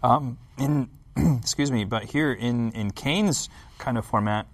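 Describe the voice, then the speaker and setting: A man's voice: medium pitch, takes it slowly, no room sound. A man co-hosting a Bible study discussion, reflective, restarting his thoughts and checking in with "right?". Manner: reflective, many restarts and tag questions. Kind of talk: casual group discussion.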